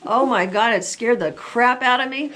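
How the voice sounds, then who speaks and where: A woman's voice: on the high side, moderate pace. A woman hiking partner telling a funny story outdoors, laughing through it. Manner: laughing, animated retelling. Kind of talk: casual storytelling. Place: outdoors on a mountain trail.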